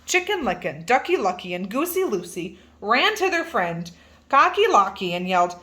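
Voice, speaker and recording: A woman reading a children's picture book aloud in a playful, animated way, stretching words for emphasis. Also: mid-range voice, normal speed. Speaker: reader.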